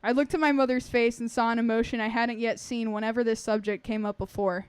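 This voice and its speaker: Storyteller, wry and earnest, somewhat high, smooth voice. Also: female voice, fairly even intonation, fairly quick, dry recording. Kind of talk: reading a personal story aloud.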